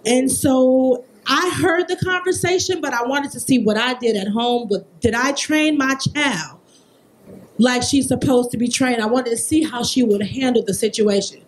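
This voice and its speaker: A woman in her thirties, a behavior therapist on a festival panel, telling a personal story in an animated, emphatic way. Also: high-pitched, moderate pace, a little hiss or hum, poor audio.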